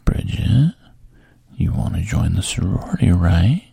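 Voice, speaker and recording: A man whispers in full character as a coaxing, pushy young frat guy, his voice low, gravelly, and breathy, sing-song and dark in tone. He speaks slowly, savoring pet names such as baby and sweetheart, in a close, dry recording without echo.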